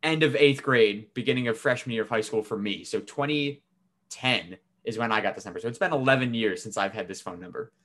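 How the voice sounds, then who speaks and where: A man's voice: fairly low pitch, fairly quick, fairly bright tone. A young man co-hosting a podcast, telling a family story in a casual, swearing, laughing way. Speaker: podcast co-host.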